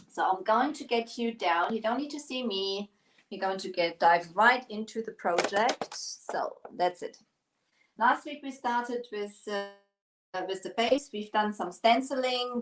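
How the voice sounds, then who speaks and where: A woman's voice: mid-range voice, rough recording. A woman from Germany with a German accent hosting a live crafting demonstration, talking in a chatty, rambling way and joking about herself. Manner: chatty, rambling, self-deprecating. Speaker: craft stream host.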